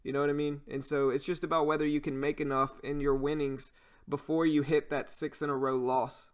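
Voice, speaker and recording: A man's voice: fairly high pitch, little pitch movement, brisk. A man with a Cajun accent, chatting casually on a live stream as he answers viewers and explains trading. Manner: explains while answering chat, loose fillers.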